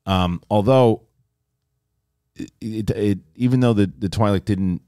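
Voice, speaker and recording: A man's voice: fairly low pitch, unhurried, clear, resonant tone, no echo, clean studio sound. A man hosting a casual spoken review, talking animatedly with many restarts and acting out characters' lines. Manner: animated, repeats and restarts words, mimics characters. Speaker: review show host.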